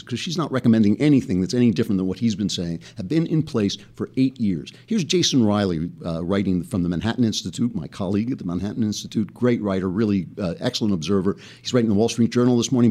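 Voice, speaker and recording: A male podcast host giving political commentary in a sarcastic tone, breaking into laughing asides. His pitch swings widely, from low mutters to high outbursts. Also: a little mellow.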